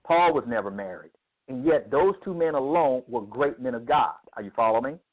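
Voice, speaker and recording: Animated man, preacherly, over a phone line. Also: medium pitch, normal speed. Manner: emphatic, preacherly, acts out dialogue. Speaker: guest speaker on men's ministry. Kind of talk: animated interview storytelling.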